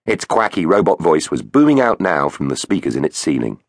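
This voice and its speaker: A middle-aged man, telling a children's story in a lively way. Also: extremely low pitch, fairly quick, hardly any pauses, no echo, studio quality. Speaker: audiobook narrator. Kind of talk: scripted narration of a children's book.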